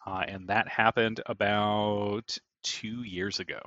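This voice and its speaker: Male game master, steady and explanatory, recorded dry on a dull lo-fi mic. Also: on the low side, no room sound. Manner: measured, explanatory, many "uh" fillers. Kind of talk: narrating a tabletop game.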